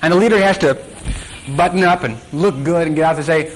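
A man's voice: a little high, a little fast, a little hiss or hum, poor audio. A man teaching a sermon who keeps quizzing his congregation and acting out quotes. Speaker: Bible teacher.

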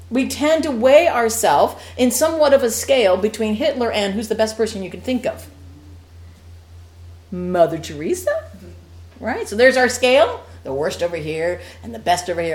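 A woman teaching a Bible sermon in a conversational, animated way, with frequent laughs and asides. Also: on the high side, normal speed, long pauses.

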